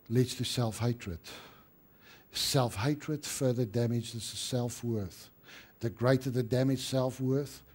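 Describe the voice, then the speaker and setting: A man preaching a sermon as pastor, rising to emphatic stress and dropping to hushed tones. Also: mid-range voice, slightly rough.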